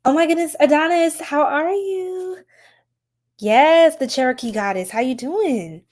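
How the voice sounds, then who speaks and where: Casting: a higher-voiced American woman, a chatty livestream tarot reader who laughs a lot. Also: a little slow. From United States. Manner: chatty and animated, laughs often, addresses viewers. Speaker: tarot reader hosting a live stream. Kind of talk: casual live-stream tarot reading.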